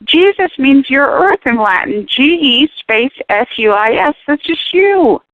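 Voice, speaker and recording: High-voiced woman, fervent radio guest, preachy and emphatic, dry tinny phone sound. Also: very animated, measured pace, no echo. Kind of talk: animated talk radio discussion.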